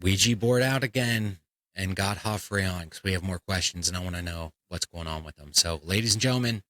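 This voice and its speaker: A man's voice: deep voice, a little fast, bright, forceful tone, no room sound, rough recording. A man hosting a comedy podcast, ranting in a blunt, profane, fired-up way. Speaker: podcast host.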